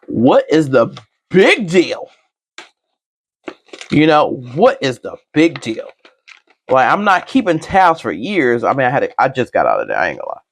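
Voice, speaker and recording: Chatty woman with a gravelly edge. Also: sits low. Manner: chatty, self-teasing, talks straight to viewers. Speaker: budget vlogger. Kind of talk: casual chat while counting cash.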